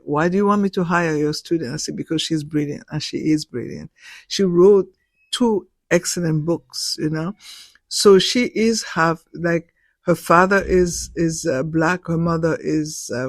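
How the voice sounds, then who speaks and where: A woman's voice: sits low, a little mellow, no room sound. A woman in her sixties, a professor interviewed as a guest, telling personal stories with heartfelt emotion, close to tears and stumbling over repeated words. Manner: heartfelt, restarts and repeats words when moved. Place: indoor radio studio.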